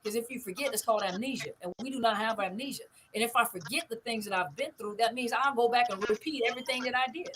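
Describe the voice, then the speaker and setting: Emphatische Frau, hohe Stimme, leises Rauschen. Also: female voice, fairly high pitch, fast, hardly any pauses, a bit bright, a little hiss or hum, low-quality recording. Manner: emphatic, repeats phrases, asks "you see what I mean?". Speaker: host of a live stream on narcissistic abuse recovery. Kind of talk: casual live stream talk answering comments.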